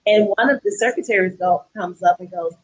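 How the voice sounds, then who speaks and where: Husky Southern woman telling a story. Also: lowish voice, brisk, low-quality recording. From Atlanta, USA. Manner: lively, acts out quoted voices. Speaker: guest. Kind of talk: casual storytelling.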